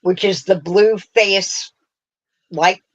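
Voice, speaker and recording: A woman's voice: mid-range voice, animated, slow, highs cut off. A woman hosting a craft livestream, chatting in a rambling way and laughing often as she talks to viewers. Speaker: craft show host. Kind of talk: casual livestream chat.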